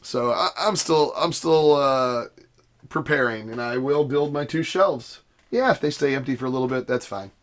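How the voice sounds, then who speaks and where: A man hosting a gaming vlog chats loosely from his basement studio at home, laughing often and breaking off mid-thought. The desk camera setup picks up a mid-range voice at a moderate pace.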